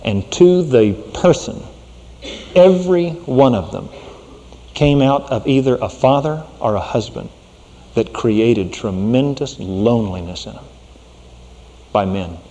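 A middle-aged man preaching a sermon as a pastor, folksy and conversational, dropping to a hushed tone for serious points. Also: medium pitch, expressive, takes it slowly, long pauses, big-room sound.

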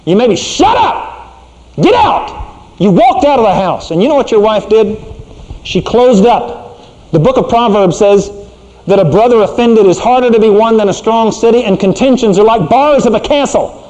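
A middle-aged man preaching a sermon as a pastor, folksy and conversational, dropping to a hushed tone for serious points. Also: sits high, moderate pace, big-room sound.

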